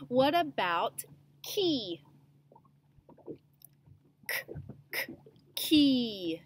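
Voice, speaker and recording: A woman teaching young children the beginning sounds of words, slowly sounding out each letter and praising them. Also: fairly high pitch, very animated, slight background noise, poor audio. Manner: slow, encouraging, sounds out letters. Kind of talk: phonics lesson for young children.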